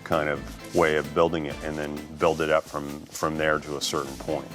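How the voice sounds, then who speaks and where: A man's voice: extremely low pitch, flat delivery, normal speed, over music. A man co-hosting a build show, talking in a dry, matter-of-fact way. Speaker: co-host. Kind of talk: casual workshop talk.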